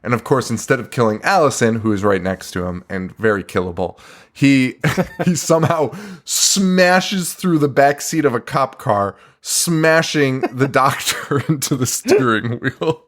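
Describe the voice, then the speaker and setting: On a casual movie podcast, a man with an unhurried, mid-range, slightly bright voice goes through a film scene by scene. He curses a lot and laughs in disbelief as he recaps.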